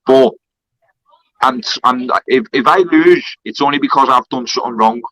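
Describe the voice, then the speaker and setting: A man's voice: mid-range voice, animated, normal speed, creaky, crowd noise, poor audio. A man, a fighter on a charity card, trash-talking heatedly on a live stream from a kebab shop. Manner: aggressive, swearing trash talk.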